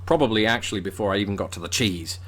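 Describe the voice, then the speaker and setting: A man's voice: fairly low pitch, rapid-fire, fairly bright tone, husky. A man from England with a southern English accent, hosting a scripted commentary video with dry, wry humor. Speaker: video host.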